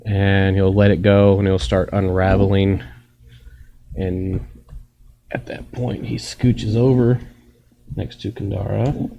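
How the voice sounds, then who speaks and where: A man playing a tabletop game, thinking aloud in a halting way as he declares his moves. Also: sits low, flat delivery, vocal fry, highs cut off, slight background noise. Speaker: player. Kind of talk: casual tabletop game play.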